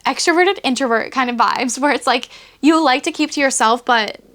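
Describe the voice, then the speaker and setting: A woman with a high voice talks through a pick-a-card tarot reading to her viewers. She is chatty and loose, laughing often and filling her sentences with "like.". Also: moderate pace, fairly bright tone. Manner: chatty, giggly, heavy use of "like". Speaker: tarot reader.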